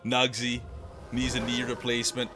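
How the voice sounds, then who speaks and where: A man's voice: mid-range voice, monotone, moderate pace, background noise. A man livestreaming, talking casually and playfully with his chat, laughing often.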